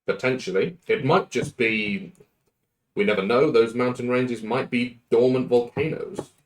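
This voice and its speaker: A man running a tabletop role-playing game as game master, answering the players in a measured, deliberate way with frequent fillers. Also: mid-range voice, steady tone, poor audio.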